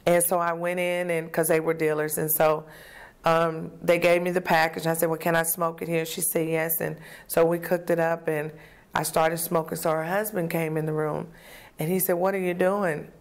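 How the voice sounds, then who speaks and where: A woman with a low, gravelly voice tells her own story in a talk-show interview. She is a lively storyteller who slips into the voices of the people she describes. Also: normal speed. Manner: vivid storyteller, acts out quoted voices. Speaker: guest telling her recovery story. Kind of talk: personal testimony in an interview.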